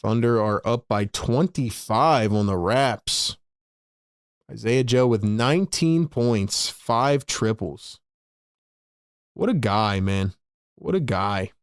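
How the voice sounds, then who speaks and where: A man's voice: lowish voice, expressive, smooth, no echo, studio quality. A man hosting a fan show, calling the game play by play and chatting with viewers between plays. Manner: fast, chatty, laughs often, reads viewer messages. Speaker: host and play-by-play caller. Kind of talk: live fan play-by-play and chat.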